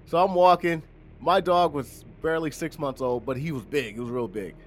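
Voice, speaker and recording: A man co-hosting a podcast, telling a story in casual chat and loudly acting out his own quotes. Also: a little high, normal speed, a little hiss or hum. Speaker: podcast co-host.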